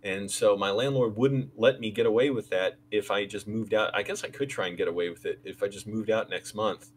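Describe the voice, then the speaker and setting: A man's voice: on the low side, fairly even intonation, a little fast, slight background noise. A young man talking casually and candidly to viewers on a vlog, rambling with restarts as he rants about landlords and roommates. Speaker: vlogger, creative director of the channel. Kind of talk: casual live-stream chat.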